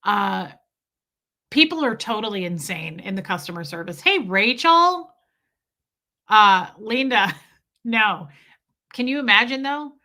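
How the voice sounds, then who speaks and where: A woman's voice: medium pitch, expressive, a little slow, long pauses, sharp tone. A middle-aged woman hosting a casual live stream, chatty and laughing as she reads viewer comments aloud. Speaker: livestream host reading chat.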